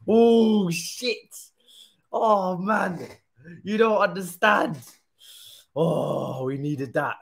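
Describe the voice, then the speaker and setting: A young man giving live commentary on his own football video game match, excitable, pleading and swearing often. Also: high voice, extremely slow, creaky, pauses often. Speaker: gaming streamer. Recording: roomy echo.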